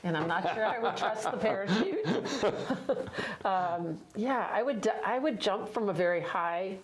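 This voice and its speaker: A woman's voice: medium pitch, animated, a little slow. A middle-aged woman, a university president, chatting cheerfully in an interview and laughing often. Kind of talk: casual interview chat.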